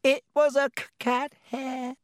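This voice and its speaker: A man's voice: very high-pitched, flat delivery, slow pace, no room sound, clean studio sound, voice pushed up. A man voicing a young schoolgirl who stammers and sobs in distress, in a storybook reading. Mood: distraught. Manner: stammering, wailing.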